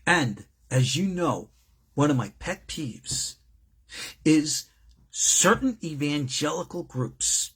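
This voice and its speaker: Raspy husky rabbi guy lecturing, voice jumps all over, chatty and emphatic. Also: on the high side, lively intonation, takes it slowly, fairly bright tone. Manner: emphatic, conversational, digressive. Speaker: rabbi teaching his school. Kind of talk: informal recorded lecture.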